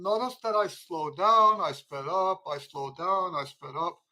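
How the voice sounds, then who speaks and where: A man teaching trumpet on a live-stream Q&A, tired and weak with a fading voice, speaking slowly and repeating his key points for emphasis. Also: sits high, animated, sharp tone.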